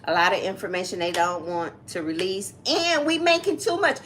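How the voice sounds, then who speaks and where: A woman's voice: mid-range voice, very animated, normal speed, fairly bright tone, slight background noise. A woman, co-hosting a casual chat and chiming in often with agreement. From Atlanta, Georgia, US. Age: 30s. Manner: chatty, frequent agreeing interjections. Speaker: co-host, daughter.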